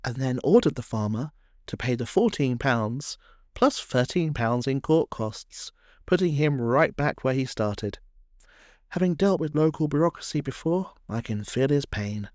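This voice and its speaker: A man's voice: mid-range voice, darkish tone, no room sound. Wry male history narrator, dry close voice. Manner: wry, storytelling delivery with asides.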